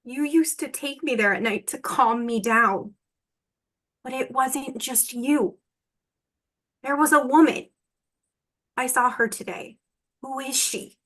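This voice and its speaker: A woman's voice: high-pitched, measured pace, bright, forceful tone, exaggerated voice. A woman playing a young woman who presses for the truth about her mother, rehearsing lines in an acting class. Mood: pressing.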